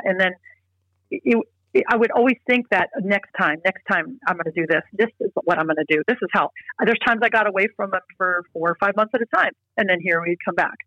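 Earnest woman with a bright voice. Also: mid-range voice, quick pace, dry recording, low-quality recording. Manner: earnest, emphatic, frequent restarts. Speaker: interview guest. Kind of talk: casual interview talk.

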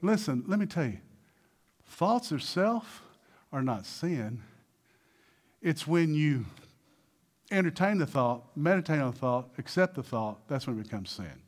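Male pastor, fairly high-pitched voice, preaching a sermon with questions and emphatic build-ups. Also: very animated, a little slow, long pauses. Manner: preaching with rising emphasis and call-and-response questions.

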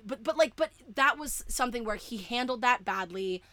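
A woman co-hosting a casual fan podcast, rambling excitedly with lots of "like" and some swearing. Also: on the high side, normal speed. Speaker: podcast co-host. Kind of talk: casual chat.

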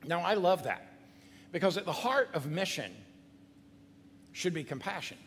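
A male pastor preaching a sermon in an animated, conversational way, with asides to the congregation. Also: sits high, normal speed, a little hiss or hum. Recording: long hall reverb.

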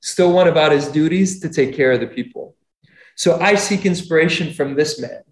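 A man's voice: fairly high pitch, normal speed. A man who does surgical missions abroad, earnestly retelling a story and acting out the quoted dialogue. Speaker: surgeon doing medical missions. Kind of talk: casual storytelling talk. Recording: roomy echo.

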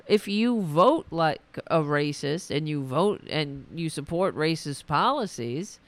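A woman with a low, gravelly voice, taking her time as she scolds and rants about politics. She sounds indignant and a little hoarse, as if her voice is wearing out. Her words come out slow and deliberate. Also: no echo. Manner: indignant, scolding, swears, talks to her dog aside. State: losing her voice. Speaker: podcast host. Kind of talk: ranting political commentary.

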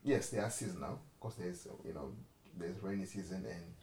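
A man's voice: low voice, expressive, normal speed, a little mellow. A man co-hosting a podcast in casual chat, rambling and correcting himself, laughing often. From Africa. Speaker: podcast co-host. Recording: roomy echo with faint ambience.

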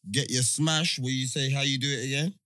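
A man's voice: medium pitch, steady tone, a little fast, sharp tone, no room sound. Slangy young man, dry close sound. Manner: slangy, joking banter. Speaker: podcast co-host. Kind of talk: casual chat.

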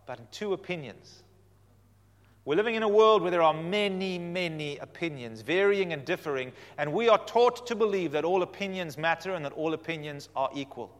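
Male preacher, slightly high voice, dramatic storyteller, long hall echo. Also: moderate pace. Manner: animated storytelling, swinging from loud to hushed. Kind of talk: sermon.

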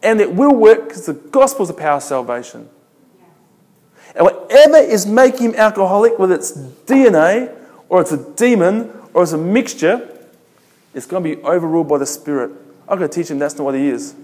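A man's voice: high-pitched, expressive, a little fast, darkish tone. A man preaching a sermon emphatically, repeating phrases and asking rhetorical questions. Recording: long reverb of a large hall.

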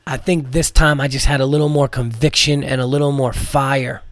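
A man's voice: medium pitch, fairly even intonation, normal speed, dry recording. A man from New York, a comedian and podcast host, telling a rambling, profane story with many restarts, tired from medicine. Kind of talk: casual storytelling.

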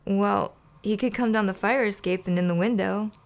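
A woman voicing a big, gentle, innocent bird in an earnest way while reading a children's storybook aloud. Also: mid-range voice, normal speed, vocal fry, close to an everyday voice.

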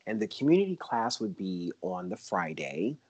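A man in his thirties, a dancer and stage performer, chatting as a podcast guest in an animated, talkative way and laughing often. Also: low-pitched, moderate pace, slightly rough. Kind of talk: casual conversational storytelling.

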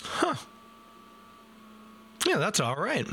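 A man's voice: high voice, huge pitch swings, drawn-out words, bright, forceful tone, slight background noise. A man reviewing a beer live from his desk in a casual, self-deprecating way, talking straight to his viewers. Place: home desk. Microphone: desk microphone.

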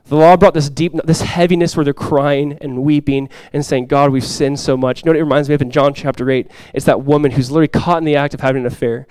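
A male pastor delivers a sermon in a fairly high voice, captured close and dry with little room sound. He preaches with passion, rising to loud, urgent lines and then falling back to a soft, quiet delivery. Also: fairly even intonation, fast, hardly any pauses, clean tone, dry recording. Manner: impassioned preaching, swells loud for quoted cries then drops soft. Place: church sanctuary before a congregation.

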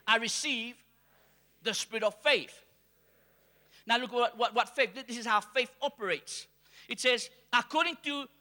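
A man from Mauritius preaching a sermon to a congregation, calling for responses and rising to shouts. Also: very high-pitched. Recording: long hall reverb.

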